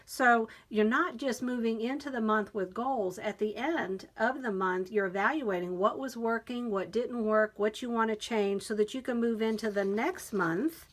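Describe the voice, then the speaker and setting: A woman's voice: fairly high pitch, normal speed, hardly any pauses. A woman vlogger walking viewers through a new planner, chatty and enthusiastic as she describes each page. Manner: enthusiastic, chatty, reads quotes aloud. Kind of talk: planner flip-through walkthrough.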